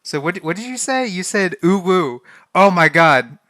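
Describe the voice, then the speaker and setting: A man's voice: sits high, animated, normal speed, bright, forceful tone, dry recording. A young man streaming a text adventure game, reading the game text aloud in a casual, flustered way and often laughing. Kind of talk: casual live-stream commentary.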